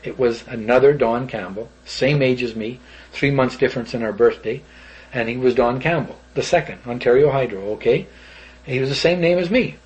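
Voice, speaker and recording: Husky older man telling stories. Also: mid-range voice, fairly quick, low-quality recording. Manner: animated, rambling storyteller. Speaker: interviewee. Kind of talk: recounting an old story.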